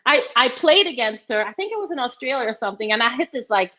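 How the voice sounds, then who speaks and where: Chatty woman with a higher voice. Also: big pitch swings, fast talker, bright, forceful tone. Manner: chatty and rambling, many fillers and restarts, laughs often. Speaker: guest, former tennis player. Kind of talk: casual chat. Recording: slightly dull, muffled audio.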